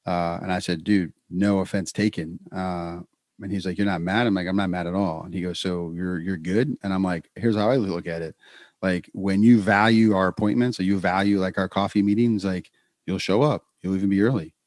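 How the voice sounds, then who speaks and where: Lowish-voiced man telling stories on a podcast. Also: no room sound, studio quality. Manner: storytelling, animated, quick restarts. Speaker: podcast co-host. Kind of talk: casual podcast chat.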